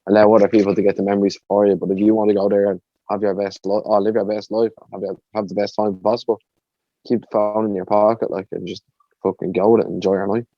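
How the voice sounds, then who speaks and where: A man's voice: lowish voice, level tone, quick pace, no echo, dull audio. A man with an Irish accent, co-hosting a podcast in laid-back casual chat, saying "like" a lot. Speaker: podcast co-host.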